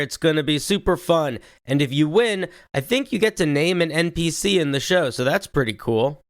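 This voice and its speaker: A man's voice: on the high side, fairly bright tone, no echo, clean studio sound. A man hosting a tabletop game podcast, narrating scenes and reading announcements in an upbeat, chatty way. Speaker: game master and host.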